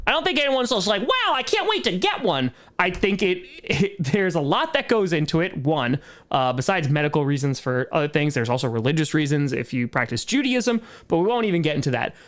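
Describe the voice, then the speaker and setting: A man with a fairly high voice hosts a relaxed livestream question-and-answer session. He rambles, cuts himself off and laughs between thoughts, then turns earnest when sharing his views. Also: fairly quick. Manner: rambling, self-interrupting, laughs often. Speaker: streamer host. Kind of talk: casual livestream Q&A chat.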